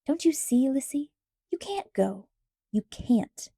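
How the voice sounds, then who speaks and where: An earnest young apprentice presses his point with steady insistence, voiced by a woman reader. The voice is mellow and dark, recorded close and dry. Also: high voice, slow, vocal fry, breathy edge, dry recording, voice pushed up, heavily acted. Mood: insistent.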